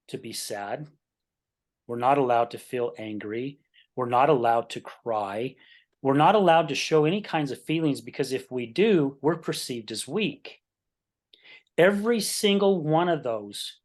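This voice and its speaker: A man hosting an interview show, telling stories animatedly and checking in with frequent "right?". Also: medium pitch. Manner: animated storyteller, keeps asking "right?". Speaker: podcast host. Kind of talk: interview conversation with storytelling.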